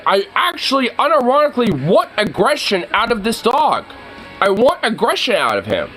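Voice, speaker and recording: A man's voice: very high-pitched, a bit bright, poor audio. A young man in a casual, profane rant to the camera, exasperated and full of fillers like "like" and "you know.". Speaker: vlogger.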